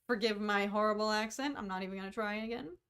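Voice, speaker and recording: A woman co-hosting a relaxed livestream conversation, talking at length in a casual, self-deprecating way. She keeps qualifying her guesses and her voice sits at an ordinary middle pitch. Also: fast, a little hiss or hum. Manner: chatty, self-deprecating, hedges often. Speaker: co-host of a fan podcast livestream. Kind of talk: casual chat.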